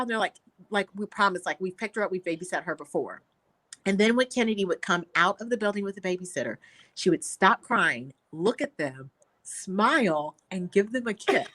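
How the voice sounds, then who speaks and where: A woman in her thirties, a guest telling chatty, lively stories in a casual talk. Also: mid-range voice, moderate pace. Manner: lively, chatty storyteller who acts out quotes. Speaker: guest, construction company owner. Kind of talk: casual chat on a live show.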